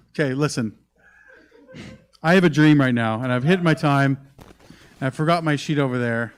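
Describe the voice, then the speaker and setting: A man's voice: medium pitch, moderate pace, pauses often, clear, resonant tone. Profane, rambling stand-up comedian man. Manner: profane, rambling, animated storytelling. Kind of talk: live stand-up set. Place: comedy club stage.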